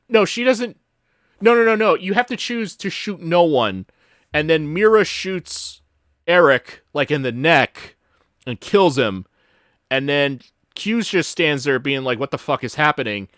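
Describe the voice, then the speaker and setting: A fairly high-voiced man chatting casually on a podcast, stumbling through his story with lots of "like" and "um" and the odd curse word. His voice sounds dry and close, with no room behind it. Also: lively intonation, takes it slowly, pauses often, a bit bright, clear, resonant tone, no echo. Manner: rambling retelling full of fillers and restarts; casual and profane. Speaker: podcast host. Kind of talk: casual chat.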